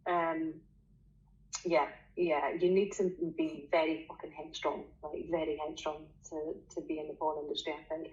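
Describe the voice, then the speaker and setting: Blunt Scottish woman, lower voice, lo-fi. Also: flat delivery, moderate pace, darkish tone. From Scotland. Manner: blunt, outspoken, swears freely. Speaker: guest. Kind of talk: casual interview chat. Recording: dull lo-fi sound with faint noise.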